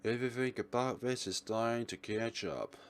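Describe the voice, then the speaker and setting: A man's voice: medium pitch, normal speed. A man hosting a let's play, reading a visual novel in first person and voicing the protagonist with a dry, wry manner.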